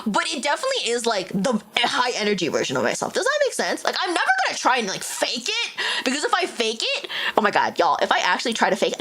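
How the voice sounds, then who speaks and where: A young woman streaming a game live, chatting to her viewers in a high-energy, rambling way, swearing and saying "like" often. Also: huge pitch swings, fast, few pauses, pushed and bright, slightly rough. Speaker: VTuber streamer.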